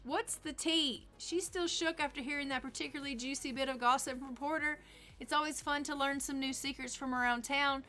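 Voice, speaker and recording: Bright high-voiced woman streamer. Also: fairly even intonation, fairly quick, soft background music. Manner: chatty, talks to her viewers and her sims. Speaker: game streamer. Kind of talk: casual live-stream game commentary.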